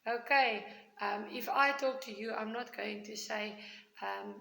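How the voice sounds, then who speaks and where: Bright slow woman teacher. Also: medium pitch, gravelly, roomy sound, a little hiss or hum, poor audio. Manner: patient, explains slowly with repeated examples. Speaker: primary school teacher. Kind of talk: recorded grammar lesson for children.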